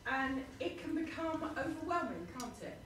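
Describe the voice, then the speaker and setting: Lively woman preaching in a roomy hall. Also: high-pitched, moderate pace, a little hiss or hum. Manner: animated, conversational storytelling with rhetorical questions. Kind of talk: sermon. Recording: roomy hall with faint ambience.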